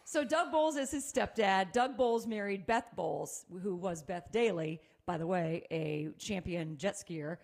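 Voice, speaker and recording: A middle-aged woman co-hosting a casual chat, telling lively stories and laughing often. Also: mid-range voice, moderate pace, hardly any pauses. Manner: animated storyteller, laughs often. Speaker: co-host.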